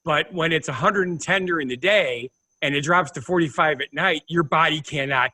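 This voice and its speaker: A man's voice: fairly high pitch, moderate pace, pushed and bright. A man from the Midwest co-hosting a casual podcast, chatting and reading segments aloud. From American Midwest. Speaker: co-host.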